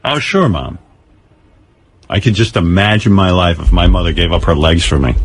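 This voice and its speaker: A man hosting a radio show, chatting casually in an animated, self-mocking way and swearing freely. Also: low voice, moderate pace, slightly rough, no room sound. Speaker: radio host.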